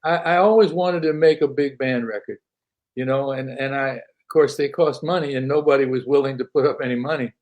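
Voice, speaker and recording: An older man recounts stories from his career in a relaxed interview. He is animated, laughs easily and repeats his words as he goes, at an ordinary mid-range pitch. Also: fairly quick, lo-fi sound. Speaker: interview guest, singer-songwriter. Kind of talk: casual storytelling.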